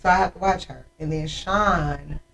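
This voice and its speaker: A woman in her forties hosting a casual chat, telling animated, emotional stories about her family. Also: low-pitched, moderate pace, recorded from a distance, noisy background. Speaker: host.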